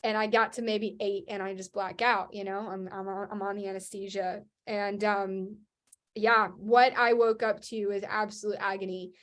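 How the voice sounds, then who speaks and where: A woman's voice: mid-range voice, level tone, moderate pace. A young woman, a guest on an interview show, tells her personal story in a rambling, casual way and acts out what other people said. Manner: rambling with many fillers and restarts. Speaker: guest, Christian rock singer.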